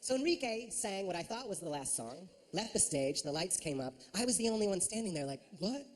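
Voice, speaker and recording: A woman doing a stand-up comedy set, telling a story with lively acted-out voices. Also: mid-range voice, brisk, a little hiss or hum.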